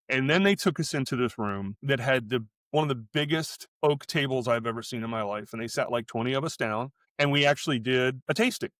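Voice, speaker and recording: A man's voice: medium pitch, no room sound. A middle-aged American man co-hosting a podcast, telling a long story in casual chat and often breaking off and restarting his sentences. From United States. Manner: rambling, self-interrupting storyteller. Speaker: podcast co-host.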